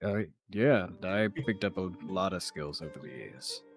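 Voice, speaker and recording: A man playing a tabletop role-playing game, describing his character's actions in a hesitant, halting way and teasing the other players. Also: low-pitched, lively intonation, faint music behind. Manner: hesitant, many fillers and restarts, then teasing. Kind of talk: casual tabletop role-play narration.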